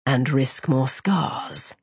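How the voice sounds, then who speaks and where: A woman's voice: a bass voice, very slow, vocal fry, a little mellow, husky, no room sound, voice pushed down, exaggerated voice. A woman voicing a cold, mocking male villain with a French accent in an audiobook. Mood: menacing.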